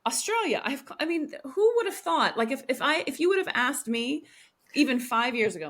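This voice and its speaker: A woman guest coach in a podcast interview, talking lively and acting out little voices of the inner self-talk she describes. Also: sits high, fairly quick. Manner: lively, animated, acts out quoted self-talk. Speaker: video and growth coach, guest. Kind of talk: casual interview chat.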